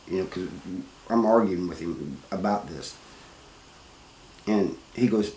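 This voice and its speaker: A man telling his own story in a plain, halting way, full of restarts and "you know.". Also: on the low side, warm tone. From Missouri, US. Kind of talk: first-person storytelling. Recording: roomy, with faint background noise.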